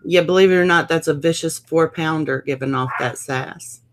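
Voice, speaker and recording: A woman with a notably low voice chats in an easy, relaxed way. She reassures and trades stories without hurry. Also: moderate pace. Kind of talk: casual chat.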